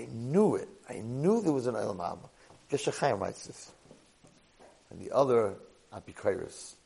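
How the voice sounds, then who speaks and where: A man teaching a Torah portion lesson to a live class, an animated storyteller sprinkling in Hebrew and Yiddish words. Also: sits low, vocal fry, slightly rough, poor audio.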